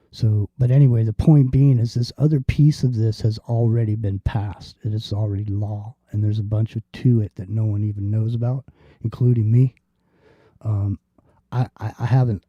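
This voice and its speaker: A man's voice: mid-range voice, mellow, no room sound. A man hosting a casual talk show, rambling and swearing freely, with lots of fillers and restarts. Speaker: podcast host. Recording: dull lo-fi sound.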